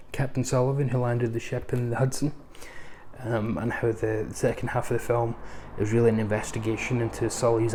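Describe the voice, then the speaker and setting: A man's voice: fairly low pitch, darkish tone, a little hiss or hum. A man hosting a casual film review, rambling along with frequent ums, restarts and chatty asides. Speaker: film reviewer, channel host.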